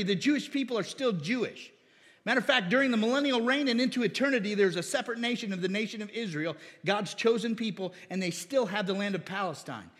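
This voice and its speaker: A man preaching a sermon, animated, with laughs and mocking impressions of critics. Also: high-pitched, long reverb tail. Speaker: pastor.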